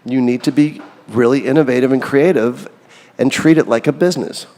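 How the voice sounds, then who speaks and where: A man's voice: medium pitch, a little fast, warm tone, big-room sound. A middle-aged man, a songwriter being interviewed, talking candidly and rambling, with a self-deprecating streak. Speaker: songwriter guest. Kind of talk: casual interview.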